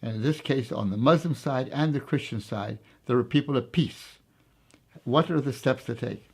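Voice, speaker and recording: A man being interviewed, telling a story in a reflective, hesitant way with many pauses and fillers. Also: mid-range voice, creaky, husky.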